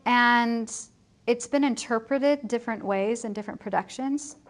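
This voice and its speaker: A woman's voice: a little high, moderate pace. A woman teacher giving a casual, chatty plot summary to her students, correcting herself as she goes and lightly acting out the lines. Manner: chatty, self-correcting, acts out quotes lightly. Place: school building at lunchtime.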